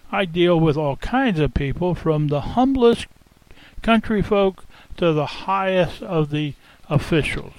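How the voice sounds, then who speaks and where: Slow, theatrical male storyteller. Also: a little high, no room sound, rough recording. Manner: theatrical, expressive, savoring the tale. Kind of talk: first-person dramatic monologue as an innkeeper.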